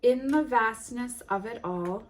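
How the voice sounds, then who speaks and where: A woman hosting a tarot unboxing, reading card titles aloud in a gentle, admiring way with soft exclamations. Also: fairly high pitch, unhurried, a little hiss or hum. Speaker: tarot reader and channel host.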